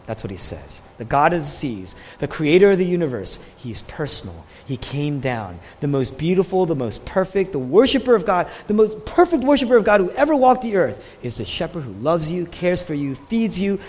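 A male pastor preaching a sermon, swinging from loud declarations down to hushed near-whispers. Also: a little high, slight background noise. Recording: long hall reverb with faint ambience.

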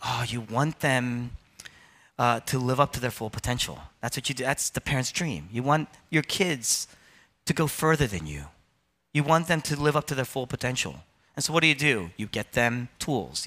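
A man's voice: medium pitch, sharp tone. A man in his thirties preaching a sermon, firing rhetorical questions and acting out complaints in other voices. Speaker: pastor.

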